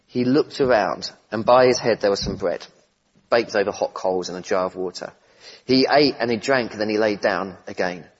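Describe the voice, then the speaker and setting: A man preaching a sermon in a relaxed, conversational way, with gentle humour and asides to the congregation. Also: lowish voice, normal speed, breathy edge, muffled recording.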